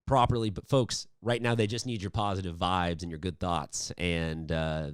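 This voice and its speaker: A man's voice: sits low, steady tone, normal speed, clean tone, no echo, studio quality. A man hosting a sports interview, upbeat and chatty, rambling with restarts. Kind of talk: casual interview.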